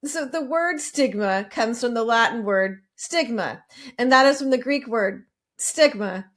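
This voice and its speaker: Woman, podcast co-host, casual chat, chatty asides while reading facts, somewhat high voice. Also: animated, a little slow, fairly bright tone.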